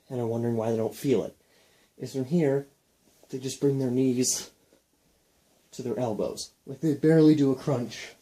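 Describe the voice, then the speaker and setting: A young man explaining and demonstrating ab exercises in a casual, relaxed way while counting reps aloud. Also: mid-range voice. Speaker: fitness instructor.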